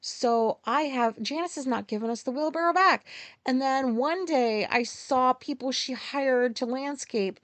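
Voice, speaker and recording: A woman's voice: sits high, measured pace, a bit bright, dry recording. A woman in her forties hosting a casual solo podcast, telling stories candidly, ranting and swearing freely. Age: 40s. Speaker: podcast host.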